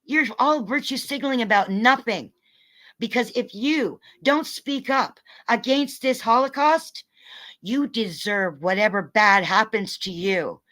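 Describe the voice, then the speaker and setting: A woman streamer in an angry, profane rant at her viewers, talking in fast bursts. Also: fairly high pitch, a bit bright. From North America. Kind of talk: angry rant to a live audience.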